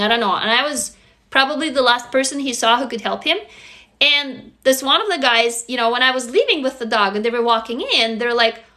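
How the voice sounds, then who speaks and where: A middle-aged woman with a Russian accent talks candidly on a phone livestream, drifting between stories and reading viewers' comments aloud. Her voice is bright and clear, pitched a little high. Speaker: livestream host. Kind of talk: casual livestream chat.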